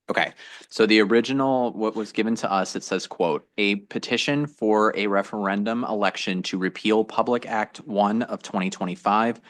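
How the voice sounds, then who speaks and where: Board staffer: a man, lower voice, careful deliberate reading at a public meeting. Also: a bit bright. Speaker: state board staff member.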